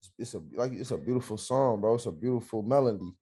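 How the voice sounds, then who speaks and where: A man's voice: medium pitch, fast, mellow, breathy edge. A man co-hosting a podcast, praising and encouraging his co-host in casual slang.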